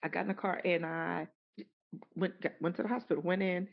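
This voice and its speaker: Middle-aged woman guest with a gravelly voice, halting and repetitive storyteller, plays out the dialogue; dull, lo-fi recording. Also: lowish voice, fairly even intonation. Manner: halting, repeats words, acts out quoted dialogue. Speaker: interview guest. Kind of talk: emotional personal storytelling.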